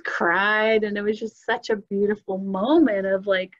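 A woman's voice: medium pitch, normal speed, hardly any pauses, highs cut off. A woman telling a personal spiritual story in a casual, earnest and emotional way, as a guest on a video call.

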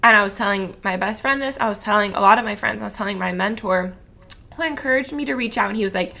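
A woman's voice: medium pitch, fast, gravelly, bright, forceful tone. A woman in her twenties from Florida, a podcast guest in a candid chat, rambling and emotional with lots of "like". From Florida, USA. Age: 20s. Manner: rambling and emotional, heavy use of "like".

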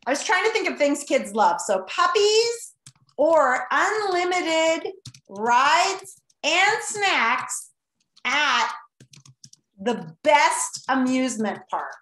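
A woman teacher running a playful class vote on a video call, animated, exclaiming and laughing often. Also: high voice, slow, roomy sound.

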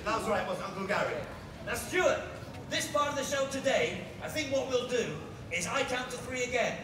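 A man performing a crowd-work street show outdoors, loudly bossing and teasing his volunteers. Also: very high-pitched, lively intonation, moderate pace, background noise. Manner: loud, bossy and teasing with volunteers. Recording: distant echoey outdoor sound with loud crowd.

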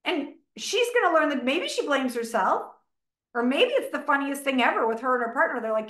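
A woman's voice: high-pitched, big pitch swings, a little fast, fairly bright tone. A middle-aged woman, a relationship coach giving an informal, chatty masterclass and often slipping into little acted-out dialogues. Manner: chatty, filler-heavy, acts out little dialogues. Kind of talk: informal teaching talk. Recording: echoey room.

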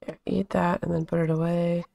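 A woman's voice: fairly low pitch, flat delivery, brisk, creaky, warm tone, soft background music. A woman hosting a casual let's-play, chatting along and coaxing her characters with pet names. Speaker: gaming channel host.

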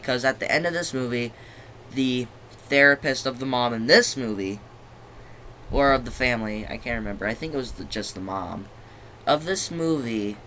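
A man's voice: mid-range voice, sharp tone, a little hiss or hum. A young man giving a casual, rambling spoken review, swearing freely and losing his train of thought. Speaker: movie reviewer.

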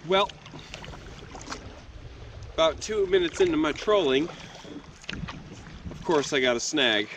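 A man's voice: a little high, expressive, takes it slowly, pauses often. A man casually narrating his wilderness camping trip to camera in an easygoing, chatty way, out on a lake. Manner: laid-back, easygoing, chatty. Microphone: camera mic outdoors. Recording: noisy outdoor camera audio.

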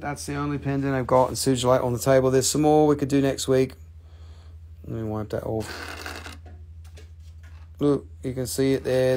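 A man hosting a live sales stream, chatty, profane and excitable, his voice getting scratchy after hours of talking. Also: mid-range voice. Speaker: host selling rocks and gems on a live stream.

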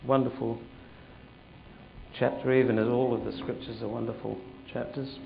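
A man's voice: mid-range voice, level tone, moderate pace, vocal fry, lo-fi sound, slight background noise. A man preaching a sermon as pastor in a church hall, fervent and full of prayerful interjections like hallelujah.

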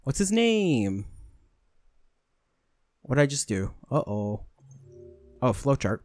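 A man's voice: mid-range voice, big pitch swings, a little slow, pauses often, no echo, studio quality. A young man doing let's play commentary, joking and talking to the characters on screen. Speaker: gaming YouTuber.

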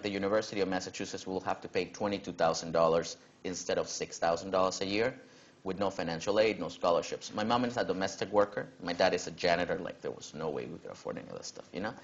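A young man tells his own story to a conference audience in a loose, conversational way. His voice sits low, and he leans into the quoted exchanges with lively energy. The recording has a somewhat muffled, dull quality. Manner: casual, animated when quoting others, frequent "you know". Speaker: keynote speaker. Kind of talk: personal storytelling talk.

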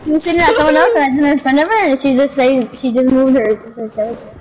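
A woman's voice: sits high, fast talker, heavy background noise. A woman chatting casually while playing a shooter game, giggling, teasing and complaining about being shot. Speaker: gamer. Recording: loud game gunfire behind the voice.

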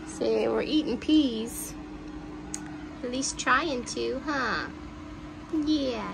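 A woman's voice: sits high, lively intonation, very slow, vocal fry, pauses often, background noise. Woman in sing-song baby talk. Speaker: mother vlogging her baby. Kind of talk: family vlog.

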